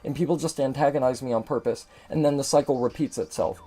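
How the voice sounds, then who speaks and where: A man's voice: mid-range voice, quick pace, warm tone, faint music behind. A young man ranting in frustration and swearing freely while he plays a game and talks to his viewers. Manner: frustrated, profane venting. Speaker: gaming video host. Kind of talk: ranting commentary over gameplay.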